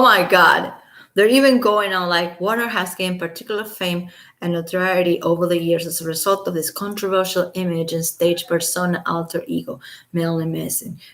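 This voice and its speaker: Woman, lowish pitch, slight vocal fry, casual at-home commentary, sarcastic asides, reads documents aloud. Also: a bit bright. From Los Angeles resident. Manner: sarcastic, incredulous asides, occasional whispered remarks. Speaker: commentator reading a court filing.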